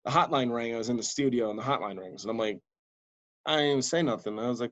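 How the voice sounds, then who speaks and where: A man, a radio DJ and podcast host, telling stories in casual chat, swearing freely and acting out quotes in a louder voice. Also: medium pitch, quick pace, highs cut off. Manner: animated, swearing, acts out quotes loudly.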